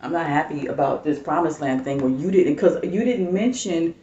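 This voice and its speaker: A woman's voice: sits low, expressive, moderate pace, dark tone. A woman vlogger delivering an angry, profane rant to her subscribers, heated and repetitive, calling down judgment. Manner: heated, repetitive, swearing, preachy. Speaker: YouTube vlogger. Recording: roomy, distant, dull lo-fi sound.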